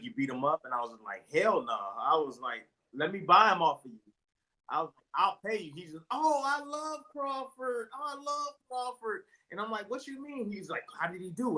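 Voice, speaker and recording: Animated man retelling stories. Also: medium pitch, rough recording. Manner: animated, acts out quotes with voice jumps. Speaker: interview guest, retired boxer. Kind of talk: casual storytelling interview.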